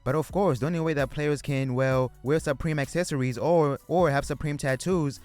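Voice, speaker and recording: A man's voice: a little high, fairly even intonation, moderate pace, a little mellow, soft background music. A man giving casual commentary on sports news as a vlogger, blunt, joking and profane.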